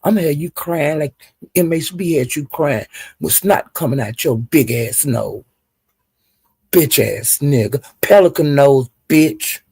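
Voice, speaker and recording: A woman's voice: deep voice, warm tone, breathy edge, no echo, clean studio sound. A woman hosting a live stream, ranting and cursing heatedly at someone while chatting with viewers. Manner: cursing, heated, drawn-out insults. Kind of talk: angry profane rant to viewers.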